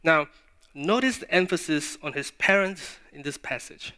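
A man delivers a sermon, earnest and questioning, leaning on pauses for emphasis. His voice sits a little high, and it has a bright, forceful edge. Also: lively intonation. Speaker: preacher.

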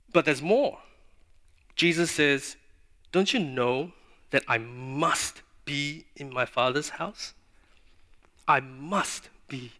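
Bright-voiced male preacher. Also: a little high. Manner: earnest, questioning, with pauses for emphasis. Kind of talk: sermon.

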